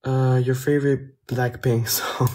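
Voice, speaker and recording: A man with a French accent, a native French speaker, chatting casually on a phone livestream and answering viewer comments in a soft, hesitant way that often trails off. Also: mid-range voice, level tone, measured pace. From France.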